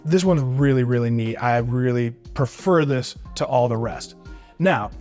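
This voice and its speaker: Faint music sits behind a man with a darkish, mid-range voice who talks a little slowly while giving a home tour as a real estate agent. He walks room to room in this vlog, cheerfully praising each feature and repeating "really neat" and "beautiful."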